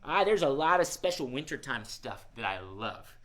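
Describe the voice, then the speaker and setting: A man's voice: mid-range voice, very animated, normal speed, a bit bright. A man hosting a live children's music show, playful and coaxing, who often says "y'all" to his young audience. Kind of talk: live-streamed kids' show chat.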